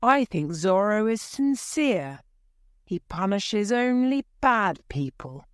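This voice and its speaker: A woman voicing a gentle, peace-loving rich nobleman in a storybook reading. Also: mid-range voice, slow, clean tone, dry recording, studio quality, voice pushed up. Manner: mild, calm. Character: gentle rich young nobleman, hates violence.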